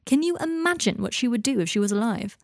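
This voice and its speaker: A woman's voice: fairly high pitch, lively intonation, fast, creaky, a little mellow, no room sound, studio quality, pitched above the performer's own voice. A woman reading an audiobook and voicing a bitter, sardonic young man who talks in a cold, mocking drawl. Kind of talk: audiobook reading of fan fiction.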